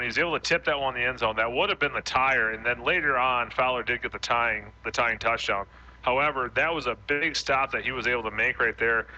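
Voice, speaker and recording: Bright-toned football analyst, slightly muffled line. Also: male voice, medium pitch. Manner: thinks aloud, frequent restarts, measured. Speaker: radio football co-host and analyst. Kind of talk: post-game game analysis.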